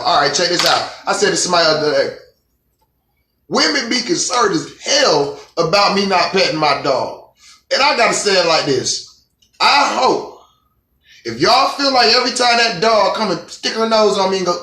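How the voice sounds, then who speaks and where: A man's voice: high-pitched, expressive, moderate pace, sharp tone. A man hosting a casual livestream monologue, preaching in a profane, streetwise way. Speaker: host. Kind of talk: casual monologue on a live stream. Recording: echoey room.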